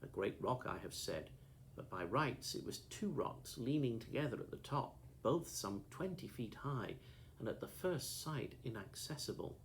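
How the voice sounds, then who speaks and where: A man reading a classic novel aloud as an audiobook, in a steady, measured first-person storytelling manner. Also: mid-range voice, gravelly, slight background noise. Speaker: audiobook narrator.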